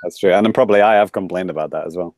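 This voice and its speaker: A man's voice: low-pitched, rapid-fire, darkish tone, no echo, clean studio sound. A man co-hosting a podcast in casual chat, joking and laughing often. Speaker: podcast co-host.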